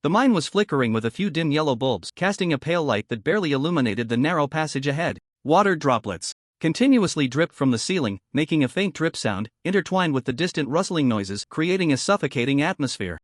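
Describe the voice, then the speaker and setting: A man's voice: on the high side, lively intonation, brisk, hardly any pauses, dry recording, clean studio sound. A man narrating a comic story recap in a scripted reading.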